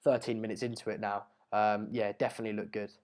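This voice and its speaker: A young man, hosting a casual live match watch-along, reading out viewer comments in a chatty, rambling way and sounding slightly hoarse. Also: lowish voice, level tone, quick pace, a little mellow. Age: late teens. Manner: chatty, rambling, restarts mid-sentence, calls viewers mate and pal. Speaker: live stream host.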